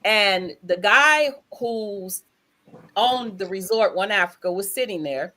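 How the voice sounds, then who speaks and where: A woman, telling a story in casual chat with lively emphasis, acting out the voices she quotes. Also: mid-range voice, takes it slowly. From United States.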